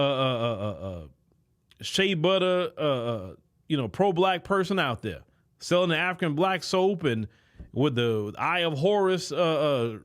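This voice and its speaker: A man with a somewhat high voice delivers a commentary monologue as host of his show. He lectures his listeners emphatically, circling back on points and stalling on drawn-out fillers.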